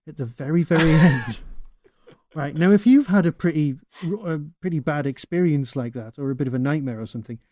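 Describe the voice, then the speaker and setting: A man's voice: medium pitch, mellow, no echo, studio quality. A man co-hosting a podcast, giving wry, opinionated takes in casual chat. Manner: opinionated, wry, explains plainly. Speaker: podcast co-host.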